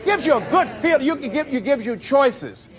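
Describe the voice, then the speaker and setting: A man giving a motivational speech, telling stories and swinging between loud exhortation and hushed, confessional moments. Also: extremely high pitch, expressive, normal speed. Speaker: motivational speaker.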